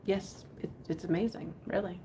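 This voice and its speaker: A woman's voice: fairly low pitch, steady tone, moderate pace, warm tone. A woman hosting a live online vintage sale in a casual, chatty, giggly way that rambles. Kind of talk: casual live selling chat. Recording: faint background noise.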